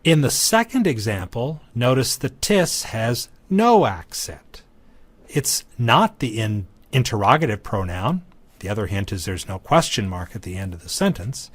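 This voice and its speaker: Slow, lively-pitched male Greek teacher. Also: husky. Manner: patient, methodical explaining with frequent ums. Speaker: Greek instructor. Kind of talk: recorded grammar lecture.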